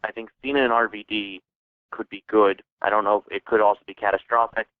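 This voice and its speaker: A man's voice: fairly low pitch, flat delivery, fast talker, smooth, no room sound. A man co-hosting a radio show, arguing his points with rhetorical questions. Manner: argumentative, fires rhetorical questions. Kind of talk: casual radio debate. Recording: tinny dry AM radio broadcast.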